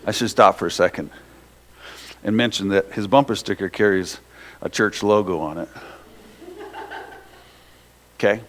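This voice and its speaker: A male pastor telling a story in a sermon, animated, with restarts and asides to his listeners. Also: on the low side, unhurried, pauses often, slight background noise.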